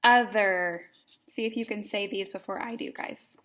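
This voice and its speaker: A woman teaching young children in a slow, clear, patient way, spelling words out letter by letter in a sing-song manner. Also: medium pitch, fairly even intonation, a bit bright. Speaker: kindergarten teacher.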